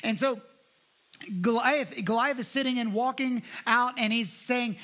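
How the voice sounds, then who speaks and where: A man with a high, bright voice preaches a sermon as a guest pastor. He tells the story in a casual, conversational way and slips into voices for the quotes. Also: normal speed.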